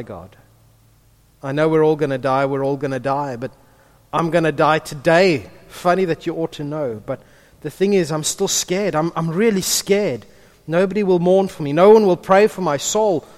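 A man voicing a frightened woman astronaut who is dying alone in space, pleading and halting. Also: a little high, lightly acted. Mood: scared pleading. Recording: long reverb of a large hall.

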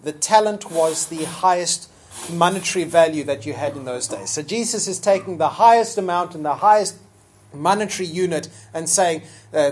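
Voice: mid-range voice, normal speed, a little hiss or hum. Chatty preacher doing a sermon, lots of ums, acts out the characters sometimes. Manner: conversational, with fillers, acting out the quoted speakers.

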